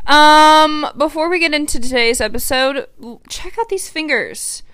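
Woman in her twenties, bubbly chatty podcast host, slightly high voice, dry close sound. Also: sing-song, normal speed, hardly any pauses, fairly bright tone, dry recording. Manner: bubbly, chatty, many fillers and "like"s. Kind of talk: casual solo podcast chat. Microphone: podcast microphone.

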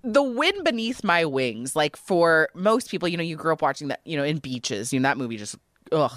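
A woman's voice: sits low, very animated, a little fast, fairly bright tone, dry recording, clean studio sound. A woman co-hosting a podcast, animatedly recapping a TV episode in casual chat, emotional and full of fillers. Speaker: podcast co-host.

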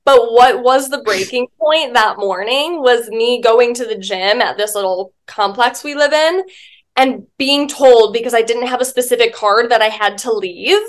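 A woman's voice: a little high, moderate pace. A woman guest, a spiritual life coach, chatting casually in an interview, telling stories with lots of filler words and the odd swear.

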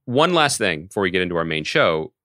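Bright-voiced man joking on a podcast. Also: sits low, quick pace, no room sound, studio quality. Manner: joking, animated riffs. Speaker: podcast co-host. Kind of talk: casual chat.

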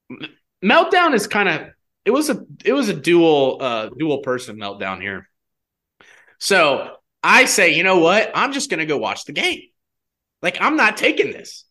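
A young man chatting casually as a guest, telling a personal story in an animated way, full of "like" fillers. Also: on the high side. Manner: animated, heavy use of "like" fillers.

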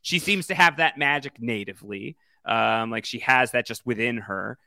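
Bright, crisp man chatting casually. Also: medium pitch, dry recording, studio quality. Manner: halting, many fillers and restarts. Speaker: podcast co-host. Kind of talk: casual chat about a video game.

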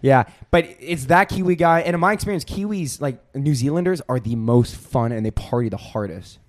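Young man, fast talker, lively pitch, excitable, casual podcast chat. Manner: excitable, animated storyteller. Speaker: podcast co-host.

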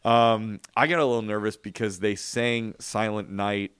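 Middle-aged male co-host, lower register, animated and laughing storyteller, dry booth sound. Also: normal speed, clear, resonant tone, no echo. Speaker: podcast co-host. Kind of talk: casual chat.

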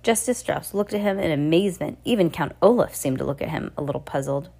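A woman's voice: sits low, lively intonation, quick pace, gravelly, warm tone, husky. A woman reading a novel aloud in an unpolished way, with slips and self-corrections. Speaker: reader.

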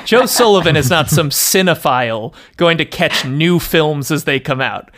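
A man with a fairly high voice offers blunt opinions in a relaxed podcast talk. He sometimes laughs as he criticizes. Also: moderate pace. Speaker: podcast co-host. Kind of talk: casual discussion.

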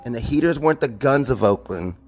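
A man giving an emotional, excited tribute speech, at times shouting a catchphrase. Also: medium pitch, fast. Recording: speech with loud music behind.

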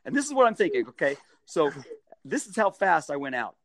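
A middle-aged man telling a story in a casual interview, animated, jumping into high-pitched bursts when he acts out what people said. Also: a little fast, slight background noise. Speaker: guest, stadium mascot performer.

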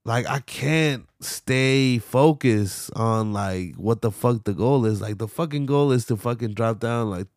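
Gravelly young man rambling on a podcast. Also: mid-range voice, a little slow, hardly any pauses, a little mellow, no echo, clean studio sound. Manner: loose, profane, frequent fillers and sighs. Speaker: podcast host. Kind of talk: casual solo podcast rambling.

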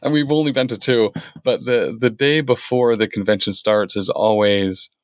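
A man talking in a relaxed, rambling way as a podcast co-host, telling a story from an event he ran. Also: on the low side, normal speed, no echo, studio quality. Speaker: podcast co-host, tournament organizer. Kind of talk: casual podcast chat.

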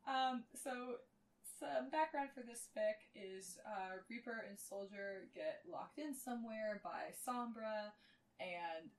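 A woman's voice: medium pitch, takes it slowly, far from the mic. A young adult woman on a podcast, chatting casually and reading fan fiction aloud, chatty and giggly with lots of fillers. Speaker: podcast co-host.

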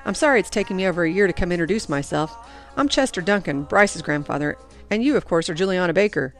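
A woman voicing a kindly older male grandfather in an audiobook, speaking gently and patiently. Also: fairly low pitch, animated, fast talker, soft background music. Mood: gentle. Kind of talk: audiobook character reading.

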